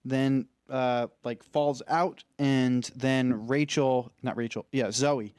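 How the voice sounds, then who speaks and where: A man co-hosting a podcast, eagerly recapping a movie plot in casual chat and jumping up in pitch to act out lines. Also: fairly even intonation, takes it slowly, darkish tone, clean tone, dry recording, studio quality. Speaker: podcast co-host.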